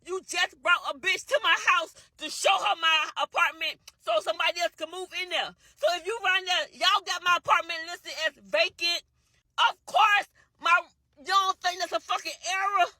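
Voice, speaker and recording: A mother ranting furiously to camera, cursing and shouting about her landlord. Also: extremely high pitch, dry recording. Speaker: tenant posting a video. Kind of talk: angry rant to camera.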